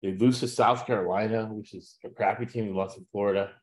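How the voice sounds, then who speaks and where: A man hosting a sports betting podcast, talking casually and loosely, with lots of "uh" fillers and quick laughs. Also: fairly low pitch, steady tone. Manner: rambling, frequent "uh" fillers, laughs at own jokes. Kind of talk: casual chat with picks.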